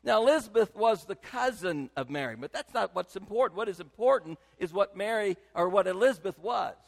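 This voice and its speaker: An older man, preaching a sermon as pastor, emphatic and swinging between loud and soft. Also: high voice, expressive, fairly quick, vocal fry, in a large hall.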